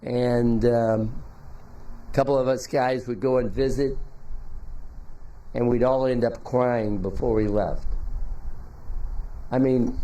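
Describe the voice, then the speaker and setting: An older man giving a memorial tribute, telling folksy, halting anecdotes about a former teammate. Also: medium pitch, steady tone, dark tone.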